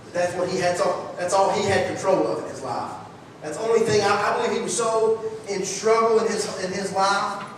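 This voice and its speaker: Male preacher, folksy and lively, high voice, distant mic in a booming church hall. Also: a little fast, slight background noise. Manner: folksy, energetic, rhetorical questions. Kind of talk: sermon. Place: church sanctuary.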